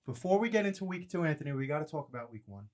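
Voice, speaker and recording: A man hosting a casual sports betting podcast, brash and fast-talking, ribbing his co-host. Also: a little high, animated, darkish tone. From New York area.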